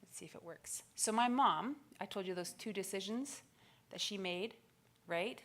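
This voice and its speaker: A woman in her forties giving a motivational keynote speech, telling stories with lively acted-out quotes. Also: mid-range voice, moderate pace. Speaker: keynote speaker. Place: conference stage.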